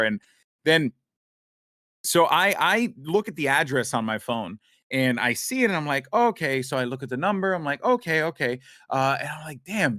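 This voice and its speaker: A man co-hosting a podcast, telling a long story in a rambling, animated way, with many restarts and swearing. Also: medium pitch, no echo, clean studio sound. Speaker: podcast co-host. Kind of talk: casual storytelling chat.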